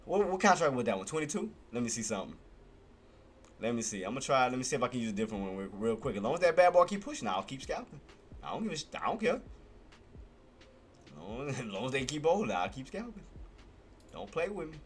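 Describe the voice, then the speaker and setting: A man giving live trading commentary on his stream. He talks excitably, repeats himself often, and swears. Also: medium pitch, fast talker, long pauses, breathy edge. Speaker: day-trading livestreamer.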